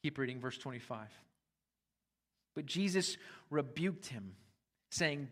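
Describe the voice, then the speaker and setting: A man preaching a sermon as pastor, talking conversationally with emphatic rises and quiet drops. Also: mid-range voice, expressive, measured pace, pauses often.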